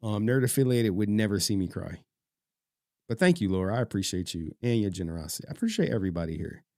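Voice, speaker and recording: A man's voice: fairly low pitch, lively intonation, fast, a little mellow, no echo, clean studio sound. A man hosting a livestream, chatting loosely with his audience, swearing and getting emotional as he reads their messages. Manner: loose, profane, emotional, reads chat aloud. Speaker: livestream host. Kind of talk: casual livestream chat.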